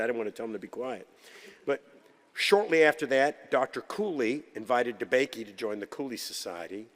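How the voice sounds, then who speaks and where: Man, keynote speaker, anecdotal humorous storytelling, medium pitch, reverberant conference hall.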